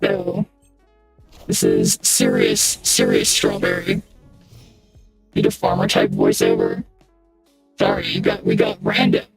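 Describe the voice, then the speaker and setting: A cartoonishly deep, rumbling talking strawberry. The filtered tone sounds distant and unnatural, clearly a machine effect. It rambles casually over a game stream, fumbling through settings. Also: female voice, level tone, slow pace, pauses often, music in the background, full character voice. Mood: rambling. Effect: voice changer pitched far down. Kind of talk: casual gaming livestream.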